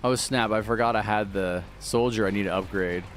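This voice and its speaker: A man's voice: fairly low pitch, fairly even intonation, a little fast, a little hiss or hum. A man live-streaming a video game, chatting casually, reading viewer messages aloud and thanking donors. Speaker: livestreaming gamer.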